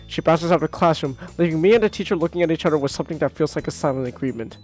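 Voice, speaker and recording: A man's voice: fairly high pitch, rapid-fire, hardly any pauses, faint music behind. A man streaming a visual novel, reading the narration aloud and chatting casually, repeating himself as he goes. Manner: rambling and animated, repeats words.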